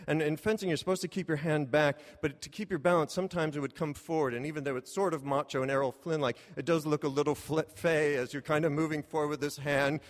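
A man telling a comic personal story, animated and self-mocking, breaking into loud exclamations. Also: a little high, quick pace, hardly any pauses. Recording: reverberant hall.

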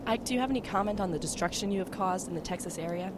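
A woman's voice: medium pitch, racing, natural voice. A woman playing a mock-serious news anchor interviewing a hurricane in a comedy sketch. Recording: noisy outdoor recording.

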